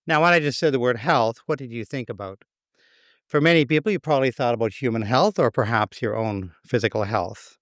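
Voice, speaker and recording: A man's voice: mid-range voice, fairly quick, a bit bright, no room sound. A man preaching a sermon as pastor, conversational with dry, wry humor.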